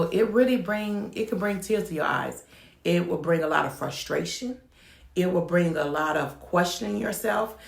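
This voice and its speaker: A woman speaks candidly to the camera about running a home child care business, and she lands her points with emphasis. Her voice sits low and has a rough, gravelly edge. The sound bounces around an echoey room. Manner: frank, emphatic storytelling. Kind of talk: candid talk-to-camera advice.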